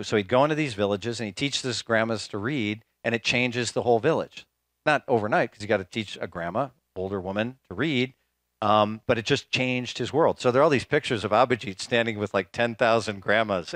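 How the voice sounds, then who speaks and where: A man's voice: mid-range voice, fairly quick, a bit bright, no room sound, studio quality. A man giving a conference keynote in a casual storytelling way, with many fillers and restarts. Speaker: speaker. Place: conference hall, live talk.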